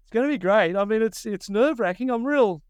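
Lively Australian man telling stories. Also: high voice, fast, clean tone, dry recording, clean studio sound. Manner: animated, acts out his own past thoughts. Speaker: guest, surf commentator. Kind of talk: casual interview storytelling.

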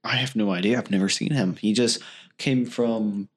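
A man playing a tabletop game, halting and stumbling over his words. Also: on the low side, steady tone, breathy edge. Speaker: player. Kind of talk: tabletop role-play.

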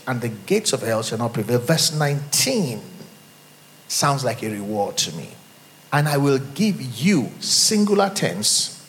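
Nigerian male pastor, middle-aged, lively and fairly high voice, rhetorical sermon delivery, long church reverb. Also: slight background noise. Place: church hall.

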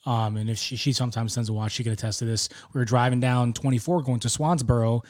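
A man in casual talk, telling an emotional story in a rambling, restarting way. His pitch sits in the ordinary middle range for a man. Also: steady tone, quick pace, darkish tone.

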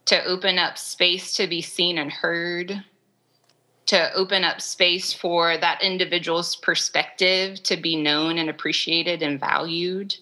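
A woman's voice: fairly low pitch, fairly even intonation, measured pace, bright, forceful tone, rough recording. A woman speaking as a guest in a conversational podcast interview, explaining in an earnest way with lots of "like" and "um". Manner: earnest, explanatory, filler-heavy with "like" and "um". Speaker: guest expert on restorative practice.

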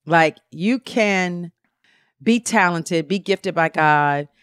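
A woman co-hosting a podcast, telling a story in a casual, animated way. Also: on the low side, takes it slowly, smooth, no echo, clean studio sound. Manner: animated storyteller, laughs easily. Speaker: podcast co-host. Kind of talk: casual chat.

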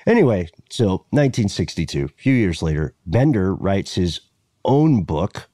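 A man with a very low voice hosts a podcast and tells a story in a relaxed, rambling way. His sound is dry and close to the mic, with no room around it. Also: normal speed, no echo. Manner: relaxed, meandering, with frequent fillers. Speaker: podcast co-host. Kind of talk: casual conversational storytelling.

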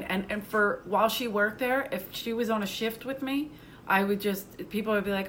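A woman comedian, telling stories in casual chat, brash and profane, laughing often and dropping into quick impressions. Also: mid-range voice, steady tone, a crowd in the background. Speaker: comedian guest.

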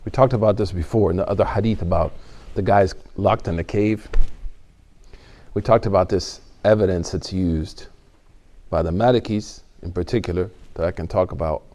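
Man, mellow tone, casual lecture, jokey, bursts of emphasis. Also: low-pitched. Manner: conversational and joking, swinging up into emphatic exhortation. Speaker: religious studies teacher.

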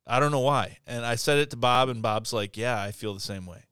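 A man co-hosting a casual podcast chat, telling animated stories, laughing often and swearing a lot. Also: medium pitch, brisk, clean tone, no echo, clean studio sound. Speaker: podcast co-host.

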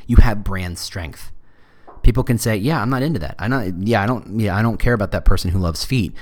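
A man hosting a podcast, giving advice in a casual, joking monologue with self-deprecating asides. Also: lowish voice. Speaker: podcast host.

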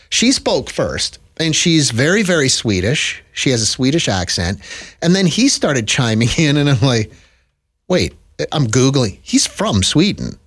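Man, from Canada, podcast co-host, casual chat, laughs a lot, mid-pitched voice. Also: husky. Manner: animated, laughs often.

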